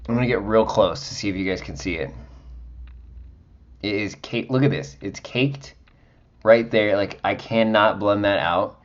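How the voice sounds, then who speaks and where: Sassy guy with a lowish voice reviewing makeup at home, kinda muffled lo-fi audio. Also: moderate pace, long pauses. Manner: chatty and dramatic, sassy exclamations. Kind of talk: casual makeup review vlog.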